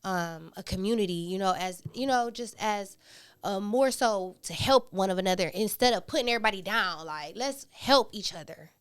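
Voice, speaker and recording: A woman's voice: mid-range voice, normal speed, smooth. A woman in her thirties, a podcast guest talking candidly and animatedly in a casual conversation.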